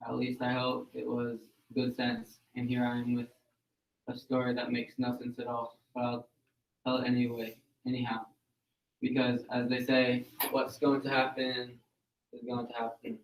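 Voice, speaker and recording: A male student reading a play aloud in class, halting and stumbling over the words. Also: medium pitch, monotone. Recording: distant echoey classroom.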